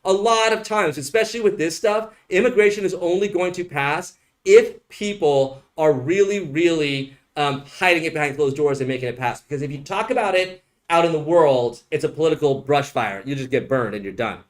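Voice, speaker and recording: A man with a slightly raised pitch fields viewer questions on a livestream, talking like a lawyer chatting off the cuff. He is blunt and joking, and he drifts into rambling side stories. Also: normal speed. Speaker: immigration attorney. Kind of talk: livestream Q&A answering viewer comments.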